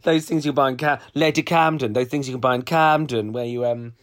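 A man co-hosting a podcast in casual chat, cheeky and teasing, quick to laugh. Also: mid-range voice, steady tone. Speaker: podcast co-host.

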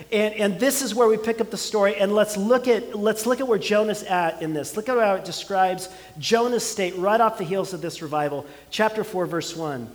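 A man's voice: high-pitched, in a large hall. A man preaching a sermon, building emphasis with repeated words and phrases. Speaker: pastor.

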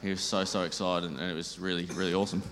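A man sharing a church testimony, rambling and lively, acting out the dialogue. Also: low voice, fast talker. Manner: rambling, animated, acts out dialogue. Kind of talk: storytelling testimony. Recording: reverberant hall, faint noise.

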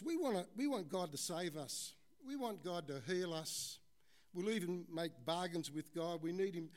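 Man preaching a conversational sermon. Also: fairly high pitch. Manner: conversational, addresses the congregation as folks, tells stories.

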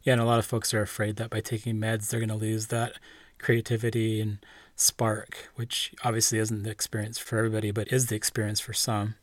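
A man's voice: on the low side, completely flat delivery, brisk, dry recording. A man interviewing a guest, asking friendly, probing questions. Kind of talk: interview conversation.

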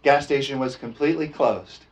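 A man's voice: mid-range voice, moderate pace. A man preaching a storytelling sermon in a folksy, laughing way, often tossing "amen?" to the congregation.

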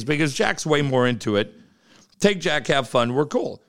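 Middle aged guy on a podcast, gravelly voice, swings all over when he talks, cussing and laughing thru his stories. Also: fairly high pitch, normal speed. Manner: animated, profane, laughs through his stories. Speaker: podcast co-host. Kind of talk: casual chat, storytelling.

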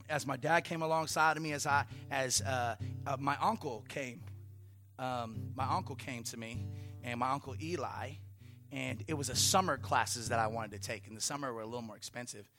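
A man preaching a conversational sermon in a church, telling a story in an animated way with playful asides. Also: medium pitch. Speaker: pastor.

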